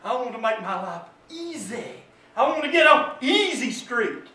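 A male pastor preaching a sermon in a church, swinging from hushed words to shouting. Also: very high-pitched, sing-song, normal speed. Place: church sanctuary. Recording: echoey church from far off, music behind.

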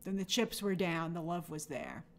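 A woman's voice: lowish voice, fairly even intonation, normal speed. A woman hosting a live stream, chatting casually about a TV episode and reading viewers' comments aloud. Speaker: host of a TV and film news show.

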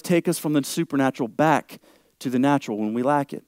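High-voiced preaching man, dry sound. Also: lively intonation, fast, no echo. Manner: preaching, rising loud and high when stressing a point; asks the congregation for agreement often. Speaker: pastor. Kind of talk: sermon.

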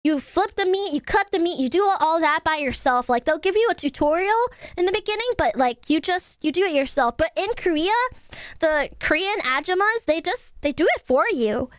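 A young woman streamer telling stories to her chat in an animated, swearing, laughing way. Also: very high-pitched, normal speed, dry recording, studio quality. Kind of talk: casual stream chat to viewers.

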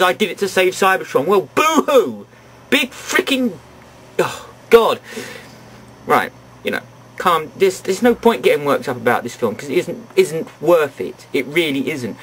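A man rants through a film review in a high, husky voice, full of exasperation and sarcasm. His pitch swings widely as he complains. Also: a bit bright.

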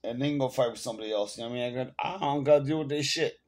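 A man's voice: medium pitch, very fast, a little mellow. A man with a New York accent ranting casually to the camera at home, profane and rambling, full of fillers. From Bronx, New York. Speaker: vlogger.

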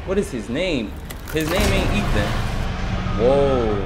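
A man commentating his own horror game playthrough, excitable, joking and yelling for help as he plays. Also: mid-range voice, a little slow, music in the background. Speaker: gaming channel host. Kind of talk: let's play commentary.

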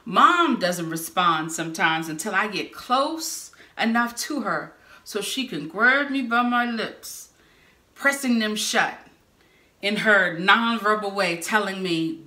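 A woman preaching a sermon, telling stories with lively bursts of shouting. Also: medium pitch, slow. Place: church sanctuary or hall. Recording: echoey room.

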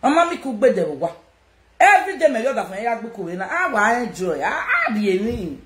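A Nigerian woman chatting casually to her followers, loud and teasing, often laughing. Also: fairly high pitch, big pitch swings, a little fast. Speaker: social media personality. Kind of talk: casual self-recorded chat to followers. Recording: echoey room with faint noise.

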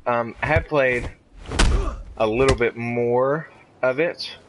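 A man streaming a fighting game who jokes around and reacts loudly to the action. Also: medium pitch, slow pace. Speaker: gaming streamer. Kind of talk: casual gameplay commentary. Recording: steady background noise.

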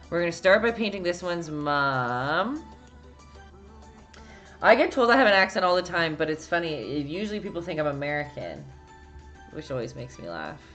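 A woman's voice: low voice, very animated, moderate pace, pauses often, fairly bright tone, faint music behind. A Canadian woman with a Canadian accent teaching a casual live-stream painting lesson, chatty, answering viewer chat and laughing often. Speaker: painting instructor.

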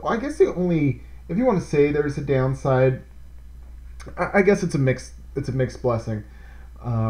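Excitable man rambling through gameplay commentary. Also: medium pitch. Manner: excitable, rambling, talks straight to viewers. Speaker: let's play host.

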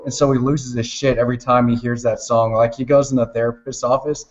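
A man's voice: medium pitch, little pitch movement, a little fast, dull audio. A man in casual chat who retells stories in a rambling way, swearing often and laughing as he goes.

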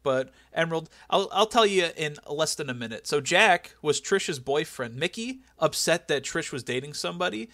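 Bright, excitable podcast guy. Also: a little high, moderate pace, few pauses, no room sound, clean studio sound. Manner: profane, animated storytelling. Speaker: podcast co-host. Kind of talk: casual chat recapping wrestling.

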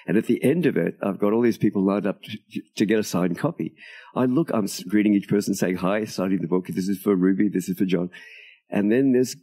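Older man, dark husky voice, animated storyteller. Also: lowish voice, fairly quick. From Australia. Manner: animated storyteller, acts out quoted dialogue, laughs often. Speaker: interview guest, author. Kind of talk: storytelling in conversation. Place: outdoors at a tropical home near a beach.

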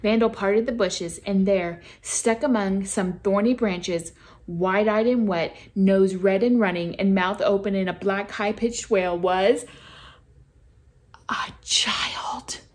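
A woman reading a children's storybook aloud in a playful, expressive way for a church kids' program. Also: medium pitch, slow pace. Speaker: children's ministry reader.

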